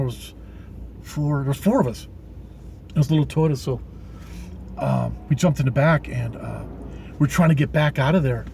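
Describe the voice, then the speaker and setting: A man's voice: medium pitch, vocal fry, a little mellow. A man telling rambling stories on a live stream from his truck, laughing often and dropping "man" and mild swears. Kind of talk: casual storytelling on a live stream. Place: inside a moving truck cab. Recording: road and engine noise behind.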